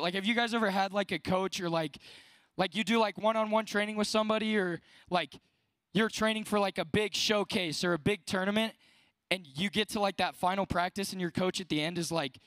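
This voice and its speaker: A man's voice: sits high, moderate pace, fairly bright tone, no echo. A young man in his late teens giving a casual youth sermon, talking conversationally and filling his speech with "like". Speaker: student speaker at a youth service.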